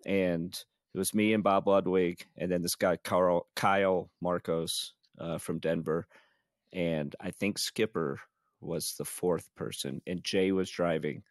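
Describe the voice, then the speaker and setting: A man's voice: low voice, fairly even intonation, unhurried, dry recording, clean studio sound. A man hosting a podcast, telling a story in a casual, rambling way and laughing often. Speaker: podcast host.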